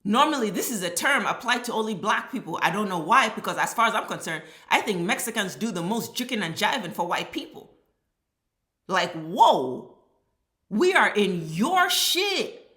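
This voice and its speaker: A woman rants on camera in blunt, heated, profanity-heavy commentary. Her voice is bright and forceful, and it bounces around an echoey room. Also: mid-range voice, animated, fast talker, few pauses. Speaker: vlogger. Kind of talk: ranting social commentary.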